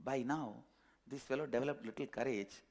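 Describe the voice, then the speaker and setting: A man telling a parable as a spiritual teacher, animated and repetitive. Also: mid-range voice, a little fast. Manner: animated storytelling, repetitive phrasing. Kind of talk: storytelling sermon.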